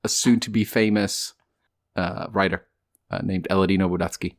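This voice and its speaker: A man's voice: low-pitched, steady tone, moderate pace. A man guest on a home podcast, talking casually and hesitantly with many fillers and dry humor. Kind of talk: casual interview chat.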